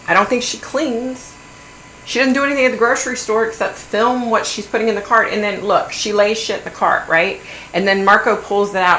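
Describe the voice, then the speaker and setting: A middle-aged woman hosting a livestream, chatting in a blunt, animated way and swearing now and then. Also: medium pitch. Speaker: livestream host. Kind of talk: casual gossipy chat. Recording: echoey room, faint hum.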